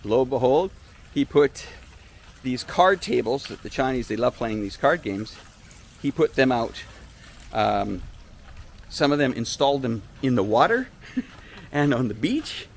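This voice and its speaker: Man, chatty tour host, mid-pitched voice, faint outdoor hiss, phone mic. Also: measured pace, vocal fry, pauses often. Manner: chatty, animated storytelling. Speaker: vlogger host. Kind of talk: live-stream tour commentary. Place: outdoors at a beach resort.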